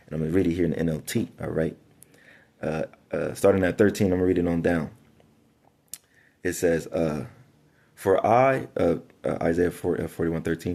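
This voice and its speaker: Emphatic man preaching scripture, low voice. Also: normal speed, vocal fry, pauses often, darkish tone. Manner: emphatic, reads scripture aloud with street slang asides; stumbles and repeats words. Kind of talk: casual online Bible teaching.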